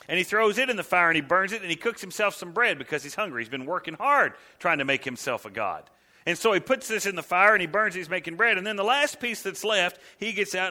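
A man preaches with a bright, forceful tone, his voice a little high for a man. He reads scripture, then retells it in an animated, folksy style, acting out little voices along the way. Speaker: pastor. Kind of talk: sermon.

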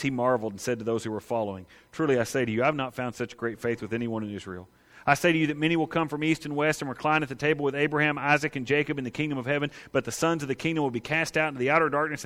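A man preaching a sermon with a bright, forceful voice pitched a little high. He acts out the voices in his stories, rising loud and then dropping to hushed, low asides. A long reverb trails his words, as in a large hall. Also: lively intonation, fast talker. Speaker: pastor.

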